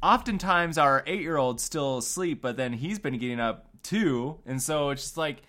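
A man's voice: a little high, lively intonation, moderate pace, a bit bright. A man in his thirties, a father chatting casually with his wife, teasing and joking. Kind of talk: casual chat.

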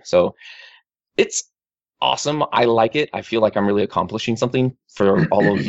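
A man with a fairly low, vocal-fry voice talks animatedly and a little fast, rambling through his news to friends with many restarts and fillers. It's a casual group chat on a dull lo-fi recording with no echo.

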